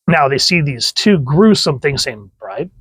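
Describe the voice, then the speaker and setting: A man talks through a comic book review in a relaxed, chatty way, often restarting phrases. His voice sits a little high for a man. The recording is dry and close. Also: a little slow, husky, no room sound, poor audio. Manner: chatty, restarts phrases, reads panels aloud. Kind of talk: casual video review.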